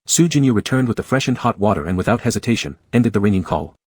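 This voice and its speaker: A man narrating a romance novel in an even, measured way. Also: fairly low pitch, slightly rough, no echo.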